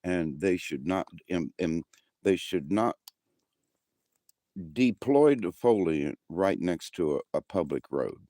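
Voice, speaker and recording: Filming on a handheld camera outside his house at night, a man hosts a livestream and rambles folksily, often starting over. His voice is low and dark, slow, with big swings in pitch, and the sound is clean and studio-like with no echo.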